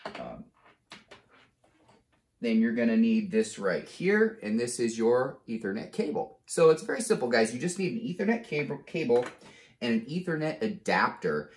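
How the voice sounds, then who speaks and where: Male tech tutorial host, deliberate step-by-step delivery, roomy echo. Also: mid-range voice, very animated. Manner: slow, deliberate step-by-step explaining; frequent "okay?" check-ins. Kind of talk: casual how-to demonstration. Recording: roomy, echoey room sound.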